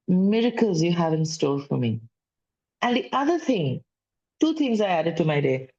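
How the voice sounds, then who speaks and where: A woman's voice: mid-range voice, a little mellow. A woman gives a casual spiritual teaching talk as a wellness coach, speaking conversationally and often repeating phrases and adding "right?". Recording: dull lo-fi sound.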